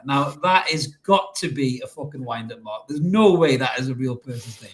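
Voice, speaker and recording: A man's voice: medium pitch, animated, moderate pace, hardly any pauses, fairly bright tone. A middle-aged man co-hosting a casual football podcast, cheeky and joking, swearing freely and laughing often. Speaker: podcast co-host.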